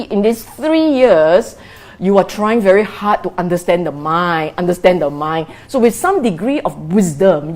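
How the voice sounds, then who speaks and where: Lively, emphatic woman giving a dharma talk. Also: medium pitch. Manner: repetitive, emphatic teaching with rhetorical questions. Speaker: Buddhist meditation teacher.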